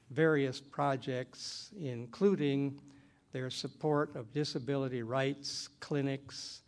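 Male conference moderator, unhurried, gravelly, courteous introducer. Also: medium pitch. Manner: measured and courteous. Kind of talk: formal speaker introduction.

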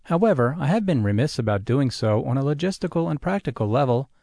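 A man narrates in a lively, animated voice that rises and falls freely. The recording is dry and close, with no room sound around him. He slows right down to spell out web addresses letter by letter. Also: mid-range voice, vocal fry, dry recording. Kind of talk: scripted narration.

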